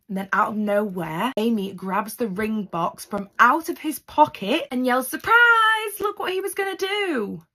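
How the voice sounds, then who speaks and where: A woman's voice: medium pitch, a bit bright. A young woman in her twenties, a content creator, telling a personal story in a chatty, gossipy, emphatic way. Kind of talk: casual storytime narration.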